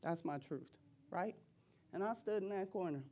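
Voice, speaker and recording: A middle-aged woman giving an impassioned preaching testimony in church, repeating phrases and rising to loud cries. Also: lowish voice, moderate pace.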